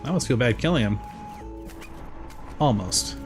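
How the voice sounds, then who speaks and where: Music plays in the background as a thirtysomething man with a South Jersey accent streams a farming game at a moderate pace. His casual talk with chat is rambling and lively, punctuated by sudden high jumps.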